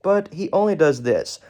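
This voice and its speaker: A man talks through a movie review in a loose, rambling way, often starting a word and then correcting himself. His pitch swings sharply up and down from phrase to phrase, giving the talk a lively, animated feel. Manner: rambling, with self-corrections and asides. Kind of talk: casual video review.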